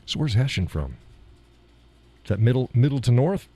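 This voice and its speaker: A man's voice: mid-range voice, very animated, normal speed, warm tone, slightly rough. A man with a Texan accent hosting a live stream, chatting casually and chuckling between viewer comments. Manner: chuckling, drawling, trails off into mumbled asides.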